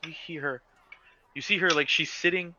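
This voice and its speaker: A man narrating as game master of a tabletop game, casual and halting as he builds each scene. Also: a little high, fairly even intonation, highs cut off, crowd noise. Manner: casual, halting, restarts descriptions.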